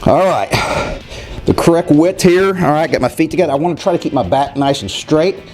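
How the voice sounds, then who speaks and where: A man's voice: a little high, animated, a little fast, music in the background. A man giving workout instructions, talking straight to viewers and counting reps aloud, winded between sets. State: winded while exercising. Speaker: fitness trainer.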